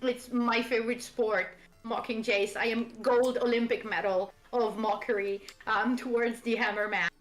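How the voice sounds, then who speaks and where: A woman's voice: fairly high pitch, steady tone, moderate pace, few pauses, roomy sound, faint music behind. A woman hosting a casual lore chat, playful and laughing, slipping into mocking impressions of characters. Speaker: streamer host.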